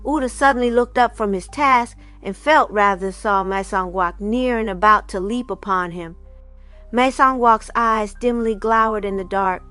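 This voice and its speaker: A woman reading a folk legend aloud in a measured, dramatic narrating voice. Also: medium pitch, a bit bright. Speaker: storyteller.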